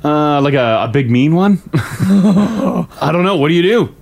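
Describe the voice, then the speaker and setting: A radio co-host chatting in a lively, animated way, laughing often. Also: mid-range voice, unhurried, gravelly. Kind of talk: casual radio banter.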